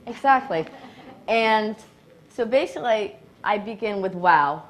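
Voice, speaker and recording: A woman giving an excited, grateful acceptance speech at a live award event, laughing often and nervous enough that her hands shake. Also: medium pitch, a little slow, slight background noise.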